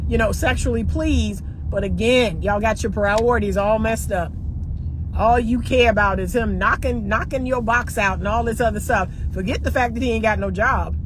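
A woman's voice: on the high side, a little hiss or hum, poor audio. A woman over forty, giving straight-talking relationship advice as a coach. She talks in a sassy, preachy way, repeats phrases for emphasis, and acts out little scenes.

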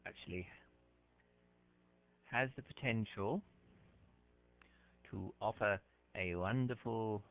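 A man teaching an English class, explaining words slowly and patiently to his students. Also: fairly low pitch, creaky. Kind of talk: classroom lecture. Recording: dull lo-fi lecture recording.

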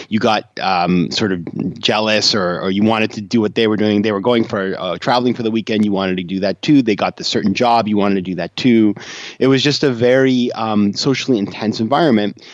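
A man's voice: fairly low pitch, dry recording, lo-fi sound. A man talking as a guest on an interview podcast, chatty and self-deprecating, laughing easily. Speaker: guest author and investor. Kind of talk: interview conversation.

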